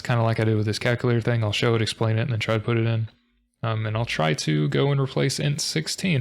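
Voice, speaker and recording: A man in a casual coding tutorial, speaking in a low-key monotone. His voice is mid-pitched with a gravelly, fry-tinged edge. He sounds tired, pausing on ums and trailing off with small laughs. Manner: low-key, monotone, self-described as not very expressive; rambling with frequent ums and soft laughs. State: tired late at night. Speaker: programming tutorial host. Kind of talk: casual screen-recorded coding talk.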